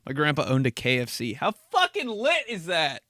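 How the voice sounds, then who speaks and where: A man's voice: fairly high pitch, wildly swooping pitch, normal speed, bright, forceful tone, no room sound, clean studio sound. A man hosting a casual solo podcast, telling stories in a laid-back, profane way with frequent laughs. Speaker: podcast host.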